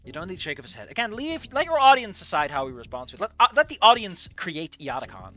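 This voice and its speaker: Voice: medium pitch, big pitch swings, fast talker, sharp tone, faint music behind. A fanfic reader reading aloud with casual, profane, jokey asides and live commentary.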